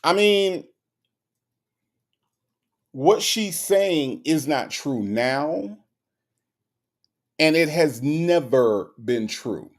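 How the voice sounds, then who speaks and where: A man's voice: fairly high pitch, animated, very slow, pauses often. A man hosting a live stream, talking to his chat in an emphatic, sarcastic, repetitive rant. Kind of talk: casual commentary to chat.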